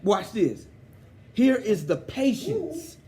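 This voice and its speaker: A man teaching a scripture study, excited and fervent in a preachy way. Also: high-pitched, takes it slowly. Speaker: Bible teacher.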